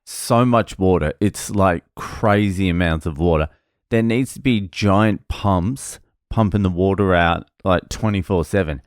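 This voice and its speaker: A man with a low, smooth, resonant voice tells a blunt, swear-laden story about his day in a casual vlog. The sound is dry and close, with no room echo. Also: unhurried. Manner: profane, blunt, rambling storytelling. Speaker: vlogger recounting his work day.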